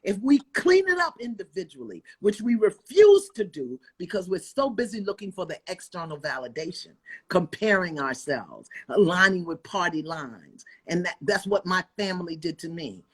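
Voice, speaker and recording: Husky, fiery older woman preaching on a call. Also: sing-song, normal speed. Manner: fiery, emphatic, swings from loud outbursts to low asides. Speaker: guest author and life coach. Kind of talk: impassioned preaching-style talk on a live video call. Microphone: phone on a live video call.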